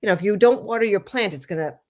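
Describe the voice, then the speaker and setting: A woman co-hosting a casual wellness chat over a video call, lively, chatty and encouraging, with playful asides. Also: medium pitch, quick pace. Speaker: wellness program co-host.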